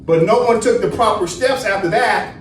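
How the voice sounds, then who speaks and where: High-voiced man lecturing in a roomy echo. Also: normal speed. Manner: asks questions then answers them, frequent "right?". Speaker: study session teacher. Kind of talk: lecturing class. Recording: roomy echo, distant mic, faint noise.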